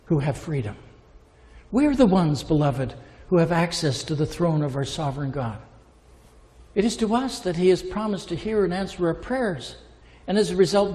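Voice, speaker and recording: High-voiced preacher in a reverberant hall. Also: male voice, dark tone. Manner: impassioned, rising to emphatic peaks then dropping low. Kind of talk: sermon.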